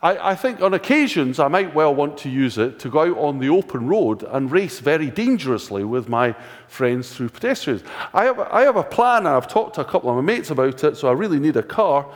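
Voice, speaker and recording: A man's voice: on the high side, very animated, brisk. An older Scottish preacher playing a cheeky teenage boy who wheedles his parents for a car, in a sermon illustration. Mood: wheedling. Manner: wheedling, listing reckless plans. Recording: long reverb of a church hall.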